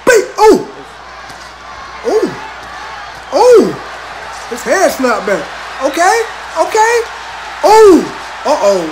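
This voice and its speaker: A man hosting a reaction video, exclaiming and shouting along with a boxing fight in a slangy, casual way. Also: extremely high pitch, drawn-out words, long pauses. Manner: excitable, exclaiming and shouting at the action; slangy, peppers lines with "bro". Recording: arena crowd noise from the played fight behind.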